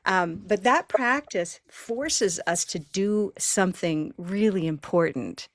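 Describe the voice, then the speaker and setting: A woman's voice: fairly low pitch, dry recording, studio quality. A woman hosting a live online pronunciation lesson, patiently drilling words in counted rhythmic beats over a video call. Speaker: pronunciation teacher and host.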